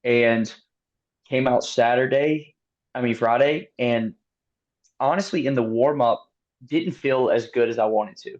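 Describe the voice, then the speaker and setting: A man being interviewed, telling a race story in a casual, animated way, laughing often and using lots of fillers. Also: medium pitch, measured pace. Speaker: guest athlete. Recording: dull lo-fi sound.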